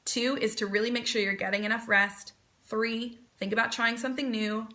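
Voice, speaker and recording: A woman in her thirties, a performance coach, giving calm, encouraging advice on a live video talk. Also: on the high side, moderate pace.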